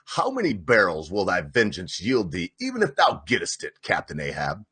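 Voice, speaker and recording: Sober first mate, played by a man; lower, measured, husky. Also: huge pitch swings, bright, forceful tone, heavily acted. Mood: reproachful. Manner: measured, reproachful.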